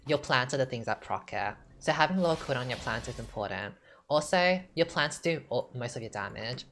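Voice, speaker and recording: A woman's voice: rumbling low, expressive, fairly quick, a bit bright, slight background noise. A young woman, chatting sassily through casual gameplay commentary, with lots of "like". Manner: chatty, sassy, filler-heavy with lots of "like". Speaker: gaming streamer. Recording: game music playing behind.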